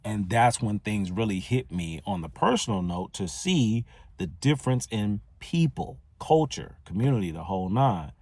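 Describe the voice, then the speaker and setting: A man hosting a solo podcast, telling a personal story in a casual, conversational, animated way. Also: on the low side, normal speed, no echo. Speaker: podcast host.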